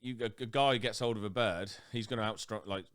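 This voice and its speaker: A man's voice: brisk, fairly bright tone. A young man co-hosting a podcast, blunt and sweary in casual chat. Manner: blunt and sweary, jumps to high-pitched impressions. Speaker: podcast co-host.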